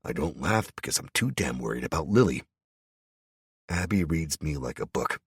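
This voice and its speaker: A man's voice: a bass voice, sing-song, moderate pace, husky, no echo, clean studio sound. A man narrating a first-person audiobook in a tense, wry manner.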